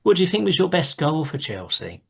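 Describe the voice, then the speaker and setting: A man's voice: fairly high pitch, very animated, fairly quick, vocal fry, fairly bright tone, husky. A man who interviews a guest, asking short, steering questions.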